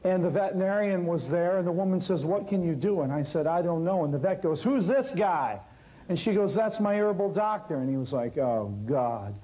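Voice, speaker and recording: A man telling a lively story about his work as an herbal healer, acting out the people he quotes. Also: high-pitched, brisk, rough recording. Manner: animated storyteller, acts out quotes. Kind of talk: storytelling talk.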